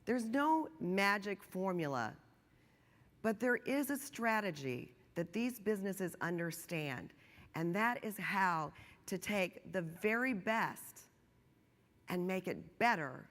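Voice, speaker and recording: A middle-aged woman giving a keynote speech, telling stories with animated, rising emphasis. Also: lowish voice, slow pace. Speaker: keynote speaker. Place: large conference hall. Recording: long hall reverb.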